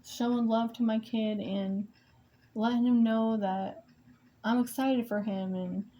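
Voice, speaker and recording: While painting, a young mother vents about co-parenting in a casual vlog, emotional and rambling, swearing often and restarting sentences. Her voice is on the high side, steady, slow, and mellow.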